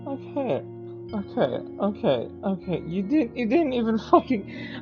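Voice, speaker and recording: A man's voice: high-pitched, big pitch swings, unhurried, highs cut off, over music. A young man ranting at a chatbot in a profane, explosive, exasperated way. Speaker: gamer. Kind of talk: profane comedic rant at a chatbot.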